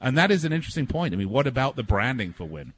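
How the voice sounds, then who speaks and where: A man's voice: mid-range voice, big pitch swings, racing, dry recording. A man co-hosting a sports talk radio show, joking and teasing in casual studio banter. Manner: joking, teasing, laughs at own jokes. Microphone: studio microphone.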